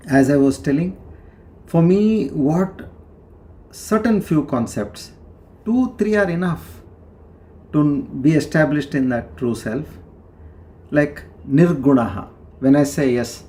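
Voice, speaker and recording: A man giving a devotional discourse on scripture, explaining slowly with pauses and sudden rises in pitch. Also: warm tone. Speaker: spiritual teacher.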